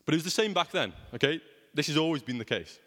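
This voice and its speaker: A man's voice: fairly high pitch, expressive, fast, a bit bright, long reverb tail. A young man preaching a sermon in a conversational way, often asking rhetorical questions.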